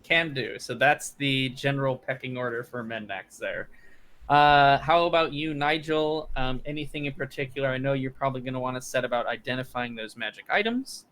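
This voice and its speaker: A man narrating as dungeon master in a relaxed, rambling way with many fillers. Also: mid-range voice, moderate pace. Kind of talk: narrating a tabletop game.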